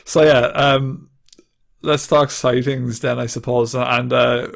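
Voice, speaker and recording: Host: English man, very gravelly voice, flat delivery, casual podcast chat. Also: medium pitch, takes it slowly. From England. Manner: chatty, laughs easily, reads notes aloud.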